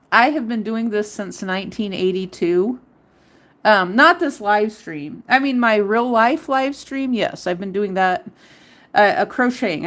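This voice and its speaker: A middle-aged woman hosting a live crochet tutorial, chatting casually and counting her stitches aloud. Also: mid-range voice. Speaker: crochet livestream host.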